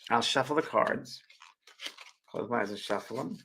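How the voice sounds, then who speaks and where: A man's voice: mid-range voice, normal speed, background noise. A middle-aged man hosting a spiritual live show, chatty and prone to getting emotional and tearful as he talks to viewers at a desk mic. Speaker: spiritual medium and show host. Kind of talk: casual live-stream talk.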